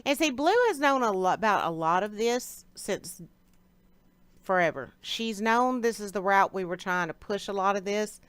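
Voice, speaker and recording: A woman's voice: medium pitch, normal speed, fairly bright tone, smooth, no room sound. Chatty woman live-streaming to viewers. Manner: chatty, reads out viewer names and answers them directly. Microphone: streaming setup.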